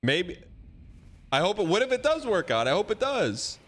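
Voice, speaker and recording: A man in his thirties with a high voice hosts a livestream in casual chat. He rambles animatedly and protests in a mock-defensive way. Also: sing-song, normal speed, a bit bright. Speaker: livestream host.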